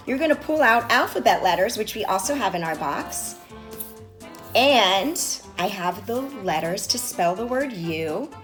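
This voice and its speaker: A woman in her forties teaching her young son sight words at home, explaining each step to parents in an encouraging, instructive manner. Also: mid-range voice. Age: 40s. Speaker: reading tutor and mother. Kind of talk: home reading lesson with parent tips.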